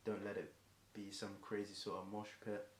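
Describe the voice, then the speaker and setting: A young man with an English accent rhymes off the cuff in a low, monotone voice, stumbling and restarting with plenty of ums. His voice sounds a bit worn and hoarse. He's recorded in an echoey room with a faint hiss behind him. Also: moderate pace. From England. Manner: rambling, self-correcting, frequent ums and restarts. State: voice getting hoarse. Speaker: streamer performing a marathon song. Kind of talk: improvised rhyming freestyle.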